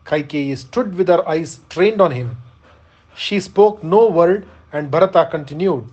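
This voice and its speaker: A man reading an epic tale aloud as storyteller, in a steady, measured manner. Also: a little high.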